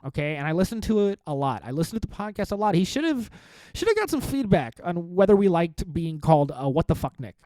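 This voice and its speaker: A man's voice: sits high, big pitch swings, fast, dark tone, dry recording. A man in his thirties hosting his own podcast, a stand-up comic talking in a rambling, self-mocking, profane way. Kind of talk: casual solo podcast monologue.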